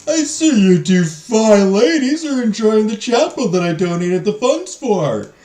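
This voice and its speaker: A man voicing a pompous, loud, wealthy French gentleman with a put-on French accent, boasting slowly in a booming voice. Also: very animated. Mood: boastful. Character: pompous loud rich male French patron. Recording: roomy echo, faint music.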